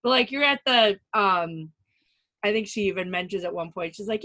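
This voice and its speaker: A woman's voice: mid-range voice, moderate pace, sharp tone. Giggly woman telling frank jokes. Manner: giggly, joking storyteller. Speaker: podcast host. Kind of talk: frank casual chat.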